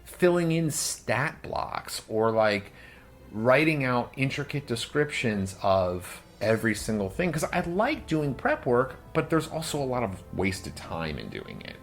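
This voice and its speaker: A man's voice: medium pitch, sing-song, measured pace. Chatty man explaining over faint music. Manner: explains at length, many "like" fillers. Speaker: podcast co-host and game master. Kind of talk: casual podcast chat.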